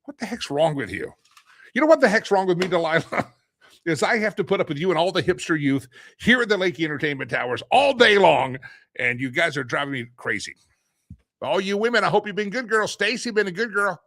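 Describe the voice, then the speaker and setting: A middle-aged male talk show host with a bright, fairly high voice, joking and rambling through viewer comments with plenty of laughter. The sound is dry and close, with no room echo. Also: expressive, brisk. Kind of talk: casual live-stream talk, reading viewer comments.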